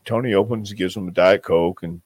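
A man's voice: sits low, steady tone, moderate pace, a little mellow, breathy edge, no room sound. A man as an interview guest, telling stories in a rambling way with many restarts and acted-out quotes. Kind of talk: casual storytelling interview.

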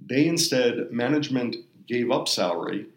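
A man hosting a podcast, telling earnest, emotional stories in a relaxed conversational way. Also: mid-range voice, normal speed, echoey room, poor audio. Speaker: podcast host. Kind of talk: conversational storytelling.

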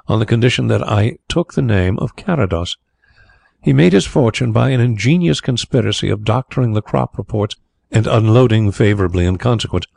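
A man reading the part of a suave, placid blind gentleman who dabbles in detection. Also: fairly low pitch, creaky, no room sound. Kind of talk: audiobook character reading.

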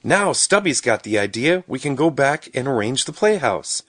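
A man voicing a kind little girl who speaks gently and coaxingly. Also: mid-range voice, big pitch swings, moderate pace, dry recording, clean studio sound, pitched above the performer's own voice. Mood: gentle, coaxing.

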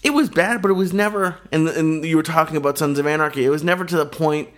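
A man's voice: on the high side, fast, fairly bright tone. A man talking casually and hesitantly as a podcast guest, full of restarts. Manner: hesitant, many fillers and restarts. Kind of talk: casual chat.

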